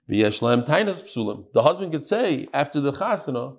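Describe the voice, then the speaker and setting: This man teaches a daily Talmud lesson with animated energy, firing questions at his students and weaving Hebrew and Aramaic words into English. His pitch is medium, and he talks briskly with few pauses.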